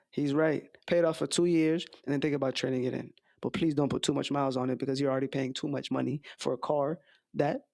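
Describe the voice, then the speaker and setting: A man's voice: fairly high pitch, gravelly, a little mellow, no echo, clean studio sound. A man hosting reaction commentary, blunt and scolding, with slangy asides. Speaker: commentary host reacting to clips.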